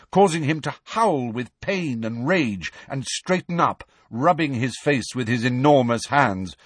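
A man's voice: medium pitch, fairly bright tone, breathy edge, no room sound. A man narrating an audiobook with a dramatic, varied storytelling delivery.

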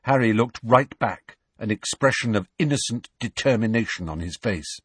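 A man narrating a story with expressive storytelling. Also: fairly low pitch, moderate pace, husky, no room sound. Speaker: audiobook narrator. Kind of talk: scripted narration.

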